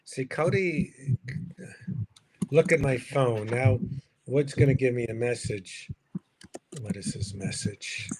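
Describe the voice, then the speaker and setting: Speaking slowly with long pauses in a mid-range voice, an older comedian who co-hosts the stream wanders through a self-deprecating story on a livestream call, restarting again and again. The chat is relaxed, the mic is a livestream video call one, and the sound is noisy.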